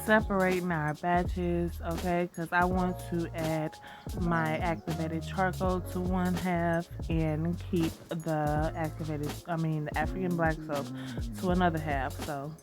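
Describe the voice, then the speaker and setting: A woman's voice: lowish voice, little pitch movement, a little slow. A woman with a scratchy voice, getting over a cold, chatting casually as she demonstrates soap making and calls viewers y'all. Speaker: soap maker and shop owner. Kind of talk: casual how-to narration. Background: background music.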